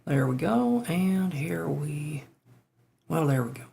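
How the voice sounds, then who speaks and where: A man's voice: on the high side, expressive, slow pace, gravelly, dark tone. A man hosting a live tarot reading stream, chatting casually, greeting viewers by name and joking about himself.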